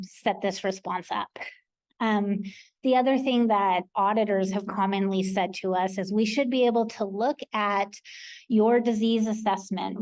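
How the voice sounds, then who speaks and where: A woman's voice: mid-range voice, mellow, low-quality recording. An American woman, a research coordinator, giving a practical conference presentation with frequent ums. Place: conference hall.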